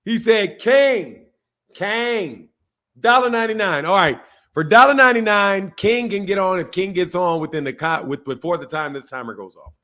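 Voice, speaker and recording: A man's voice: sits high, a little fast, bright, forceful tone. A man hosting a live boxing call-in stream, talking casually in a loose, joking, slangy way and laughing often. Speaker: boxing show host.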